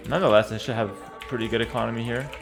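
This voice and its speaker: A man talking through his own strategy match in a laid-back, chatty way, at a mid pitch for a male voice. He trips over his words, repeats phrases and slurs a little, yet stays confident and easygoing. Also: fairly even intonation, very fast, creaky, music in the background. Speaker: streamer playing a strategy game. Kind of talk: casual live gameplay commentary.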